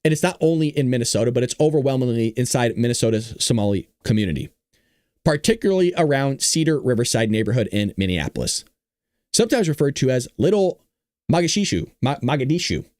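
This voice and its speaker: A man's voice: medium pitch, lively intonation, fast talker, darkish tone, no echo. A male host delivering emphatic political news commentary with sarcastic asides, close to the mic.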